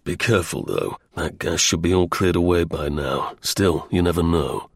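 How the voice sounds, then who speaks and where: A man's voice: low-pitched, moderate pace, gravelly, slightly rough, dry recording, studio quality, pitched below the performer's own voice, exaggerated voice. A man voicing a stern male secret service agent who talks in clipped, threatening lines. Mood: explaining.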